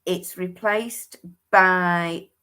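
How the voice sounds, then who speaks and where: A woman's voice: lowish voice, fairly even intonation, very slow, sharp tone. A woman hosting a livestream, giving a chatty oracle card reading that often restarts and thinks aloud.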